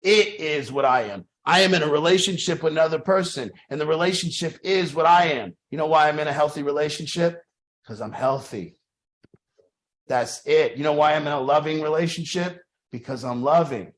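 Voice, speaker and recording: A man's voice: a little high, normal speed. A man leading a support group, talking emphatically, repeating key phrases with restarts and the odd swear word. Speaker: group leader. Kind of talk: motivational group talk.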